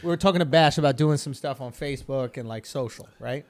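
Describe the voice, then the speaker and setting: A man co-hosting a comedy podcast, teasing his friends loudly and laughing often. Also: mid-range voice, fast. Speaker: podcast co-host. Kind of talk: casual comedy podcast banter.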